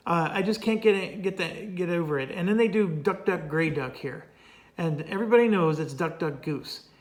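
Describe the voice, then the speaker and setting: A board game player and channel host with a somewhat high-pitched voice gives casual commentary on a solo playthrough, explaining the rules step by step at a normal speed. He's chatty, wry and easygoing, now and then drifting into a good-humored rant.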